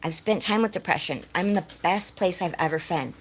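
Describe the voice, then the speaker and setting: A woman's voice: lowish voice, lively intonation, a little fast, slight background noise. A young woman vlogger telling a distressing personal story to her viewers in a rambling, upset way, close to tears. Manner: distressed, rambling, breaks off to scold her dog.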